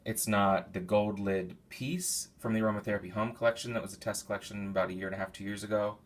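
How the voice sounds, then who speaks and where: A man's voice: on the low side, fairly even intonation, fast talker. A man giving a casual, rambling product review, thinking aloud with many fillers and restarts. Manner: detailed, thinks aloud while describing scents. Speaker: candle reviewer.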